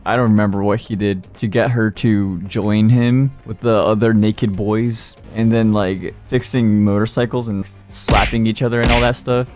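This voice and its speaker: A man's voice: on the low side, darkish tone. A man casually recapping in a rambling, playful way, acting out quotes. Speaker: streamer.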